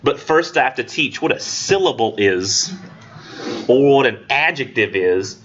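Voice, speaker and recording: A man's voice: medium pitch, expressive, unhurried, a bit bright, slight background noise. A man, an English instructor giving a casual, rambling classroom lecture, joking and acting out his students. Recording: dull lo-fi classroom recording.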